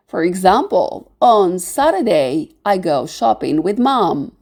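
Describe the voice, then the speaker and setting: Slow-spoken woman teaching beginner English. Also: lowish voice, very animated, a little mellow. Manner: slow, spells words letter by letter.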